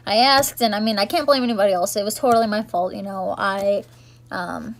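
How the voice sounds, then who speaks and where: A woman's voice: medium pitch, steady tone, a little fast. A young woman, chatting casually and rambling through a recap of her year, full of "like" and "um". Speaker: vlogger.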